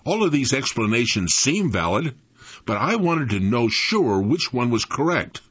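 A man in his eighties reading his own memoir aloud in an expressive storytelling manner. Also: medium pitch, a little slow, slightly rough. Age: 80s. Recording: dull lo-fi recording.

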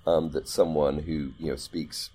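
A man's voice: a bass voice, fairly even intonation, a little slow, mellow, husky. A man co-hosting a podcast in casual, rambling chat, thinking aloud with plenty of ums and restarts. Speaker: podcast co-host.

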